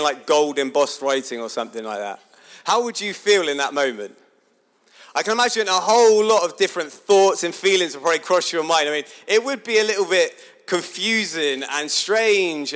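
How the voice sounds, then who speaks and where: A man giving a chatty, sermon-style talk, asking his listeners questions as he builds a story. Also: on the high side. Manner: animated, chatty, asks the audience questions.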